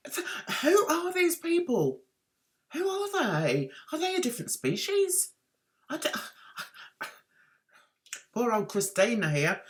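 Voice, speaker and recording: A woman delivers exasperated, mocking commentary on a video. Her voice sits high and swoops widely. She talks at a slow, deliberate pace. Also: huge pitch swings. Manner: sarcastic, exasperated, laughing. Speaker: YouTube commentator.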